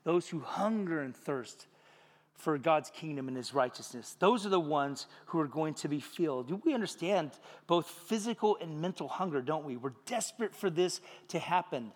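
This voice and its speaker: A man preaching a sermon as pastor, animated, acting out little voices and jokes for the congregation. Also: fairly high pitch, long reverb tail. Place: church sanctuary.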